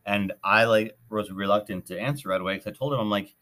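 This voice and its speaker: Rambling man, lowish voice, podcast story. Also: fast talker, a bit bright. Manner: rambling, with frequent "like" and restarts. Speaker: podcast host. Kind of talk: casual storytelling.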